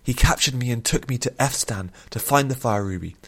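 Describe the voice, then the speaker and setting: Young princess voice from a guy reading, earnest and pleading, pitched high, storybook. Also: a little fast, fairly bright tone. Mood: remorseful. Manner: pleading, apologetic, urgent. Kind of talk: audiobook character voice.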